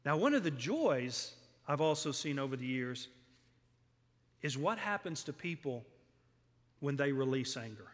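A man's voice: mid-range voice, big pitch swings, unhurried, pauses often. A middle-aged man, preaching a sermon in a church, earnest and storytelling, his voice swelling on emphatic lists. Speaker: pastor. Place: church sanctuary. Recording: long hall reverb.

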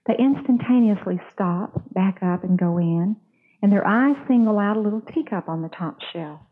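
A woman's voice: medium pitch, moderate pace. A woman preaching a sermon in an earnest, storytelling manner. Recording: tinny phone-like sound.

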